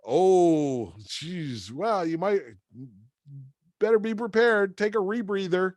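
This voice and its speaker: A man's voice: high-pitched, a little mellow, dry recording, clean studio sound, pitched above the performer's own voice. A man playing a cheerful, chatty male office worker who answers a phone call and jokes with the caller. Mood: warning. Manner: upbeat, joking, quick to offer advice.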